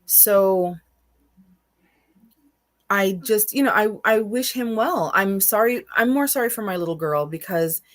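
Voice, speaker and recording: A woman's voice: mid-range voice, animated, measured pace, pauses often. A woman in her forties talking openly and emotionally in a casual podcast chat, often restarting and repeating words. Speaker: co-host.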